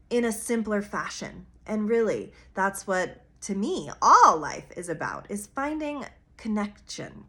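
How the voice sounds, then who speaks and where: Earnest, musing woman astrologer. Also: medium pitch. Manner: earnest, musing and expressive, with bursts of quick talk; casual slang and soft laughs. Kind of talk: weekly astrology forecast talk.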